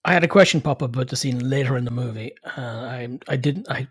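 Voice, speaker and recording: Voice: medium pitch, fast, breathy edge. A podcast co-host chatting casually about a film, wry and dry in their put-downs. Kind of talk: casual movie review chat.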